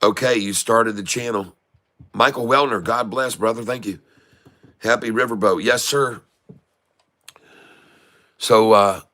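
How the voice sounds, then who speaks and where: A man's voice: medium pitch, pushed and bright. A middle-aged man from Florida giving folksy, showman-like live market commentary and greeting viewers by name. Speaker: day-trading streamer.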